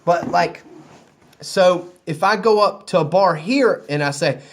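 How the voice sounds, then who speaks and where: A vlogger from the American South, a man with a Southern accent and a high-pitched voice, tells a rambling, easygoing story to the camera from a hotel room. He speaks at a measured pace.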